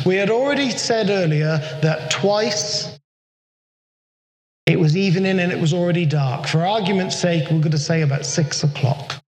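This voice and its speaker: A man preaching a sermon in an earnest way, slowing down to stress his points. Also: high-pitched. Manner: earnest, slows down for emphasis. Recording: echoey hall with long reverb.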